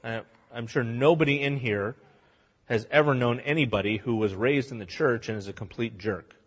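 A pastor's mid-range, breathy voice fills a church sanctuary in this lo-fi, big-room recording. Blunt and plain in his sermon, he animatedly voices both sides of an argument in quick turns for his congregation.

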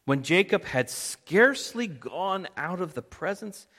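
A man's voice: high voice, lively intonation, unhurried, sharp tone. Casual preacher man in a reverberant hall. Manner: informal asides, fillers. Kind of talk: casual Bible retelling.

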